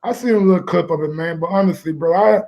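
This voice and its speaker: A man in a casual sports chat, talking in a laid-back, halting way and repeating words as he gets going. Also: sits high, creaky, darkish tone.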